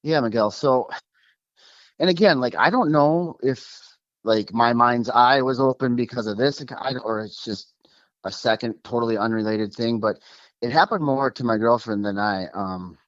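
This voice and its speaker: A man from Minnesota telling a story as a guest, animated and quick, with many fillers. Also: medium pitch, no room sound, highs cut off. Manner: animated, fast, lots of fillers like "like" and "um". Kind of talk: casual storytelling over a call.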